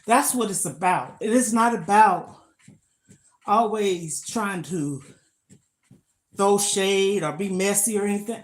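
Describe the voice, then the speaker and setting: A woman's voice: medium pitch, takes it slowly, long pauses. An older woman chatting casually on a live stream while she exercises, talking in an emphatic, motivational way into a phone. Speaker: lifestyle vlogger.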